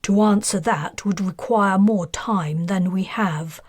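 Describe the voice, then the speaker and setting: A woman voicing a smooth, scheming man of high society who bargains in clipped lines, in an audiobook. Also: slow, a little mellow, no room sound, clean studio sound. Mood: bargaining.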